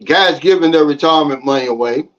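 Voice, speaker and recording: In a casual vlog monologue, an American man lectures his viewers with emphatic, preachy advice, talking fast. His voice is high for a man, and the audio sounds a little dull and lo-fi.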